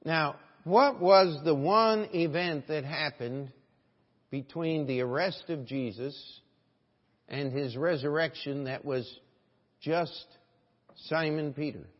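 A pastor delivers a sermon in a reverberant church, his voice a little high and his pace slow. He preaches with rhetorical questions and reads scripture quotes aloud. The audio is dull and lo-fi, with a long hall reverb.

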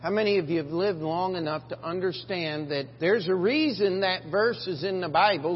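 An older man preaching a sermon as pastor, halting, with frequent fillers and restarts. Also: high voice. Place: church sanctuary. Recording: dull lo-fi church recording with long reverb and faint hum.

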